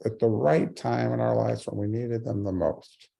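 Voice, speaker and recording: Gravelly, very dark-voiced man telling a story. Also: mid-range voice, steady tone, moderate pace. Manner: humorous, earnest storyteller. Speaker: keynote speaker. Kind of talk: personal storytelling speech.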